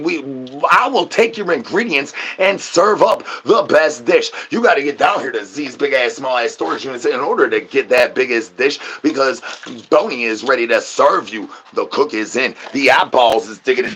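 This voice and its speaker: A man with a medium-pitched, bright, husky voice and forceful tone hosts his own stream. He rambles through an absurd comic monologue, crude and slangy, repeating playful catchphrases.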